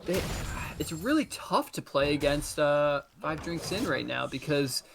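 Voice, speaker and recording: Gravelly male esports analyst, lots of ums. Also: a little high, lively intonation, background noise. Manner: measured, many ums and uhs. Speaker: color commentator.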